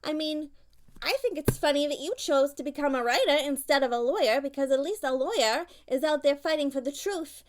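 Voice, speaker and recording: A woman voices a gossipy, opinionated mother in a comedy monologue, her voice pitched a touch high. She rambles and complains in an indignant, nagging manner, hopping from one grudge to the next as she talks at her grown child. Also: brisk, lightly acted. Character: opinionated gossipy middle-aged mother on phone.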